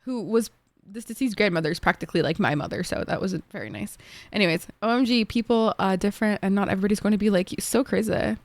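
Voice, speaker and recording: Young woman streamer, Egyptian accent, animated casual chatter, dry close mic. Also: medium pitch, fast talker, no echo. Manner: chatty, animated, laughs easily, bursts into song. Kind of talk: casual chat with viewers.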